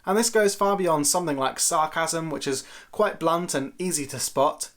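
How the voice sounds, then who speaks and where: A man's voice: a little high, normal speed, fairly bright tone. A man giving a conversational, lightly playful Bible teaching talk to camera for a church video series.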